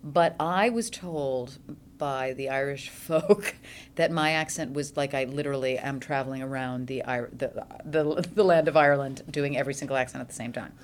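Middle-aged woman, guest actress; low, lively chat over faint hiss. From French Switzerland. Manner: lively, laughs often, quick asides. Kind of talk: casual interview chat.

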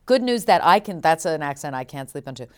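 Low-voiced woman with a Mid-Atlantic American accent. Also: a little fast, clear, resonant tone. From United States. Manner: animated storyteller, frequent restarts. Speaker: actress guest. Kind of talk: casual podcast chat.

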